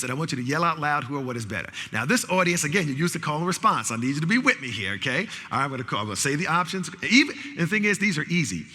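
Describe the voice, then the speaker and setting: A college professor leads an interactive training talk for a conference audience, calling for responses and repeating phrases to rally the crowd. His voice is fairly high, pushed and bright, with a little hiss or hum. A long hall reverb colors the recording.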